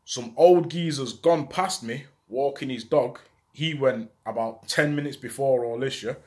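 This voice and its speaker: A man telling a true story from his own life in casual, slang-heavy street talk, with an animated delivery. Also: medium pitch, unhurried.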